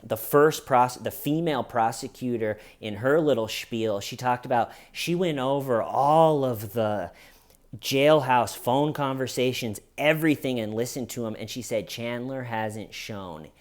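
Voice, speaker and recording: Man, true crime commentary host, casual talk, sarcastic, mocking, mid-pitched voice. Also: a little slow.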